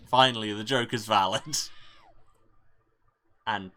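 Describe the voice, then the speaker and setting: A man's voice: lowish voice, animated, moderate pace, sharp tone. A man hosting a let's play, making wry, sarcastic asides about the game. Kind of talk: casual game commentary.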